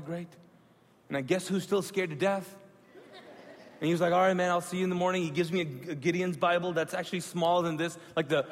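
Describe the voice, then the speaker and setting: A man preaching a sermon, telling a personal story with animated acted-out dialogue and hushed moments. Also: sits high, in a large hall. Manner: animated, acts out dialogue with rising excitement then hushed reverence. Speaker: pastor.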